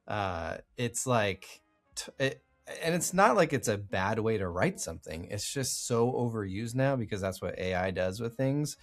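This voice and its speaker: A man co-hosting a casual chat, animated and mocking stock AI phrasing with exaggerated groans. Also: fairly low pitch, measured pace, faint music behind. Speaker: podcast co-host.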